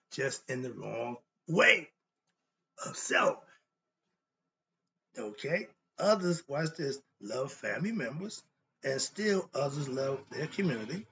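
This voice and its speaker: A man's voice: mid-range voice, very animated, slow, fairly bright tone. A man giving an informal philosophy lecture, bluntly posing rhetorical questions and answering them himself. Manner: emphatic, blunt and conversational. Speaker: philosophy teacher. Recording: dull lo-fi sound with faint noise.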